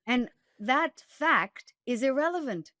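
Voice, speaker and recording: A woman's voice: high voice, animated, slow, fairly bright tone, no echo, clean studio sound. A woman dating coach and author, speaking directly and emphatically as a guest, with wry humor. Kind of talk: candid storytelling interview.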